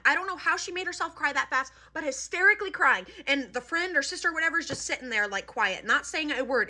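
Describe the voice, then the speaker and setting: Fast-talking animated woman telling a story. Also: mid-range voice. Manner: animated and gossipy, heavy use of "like". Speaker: storytime vlogger. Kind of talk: casual storytime vlog.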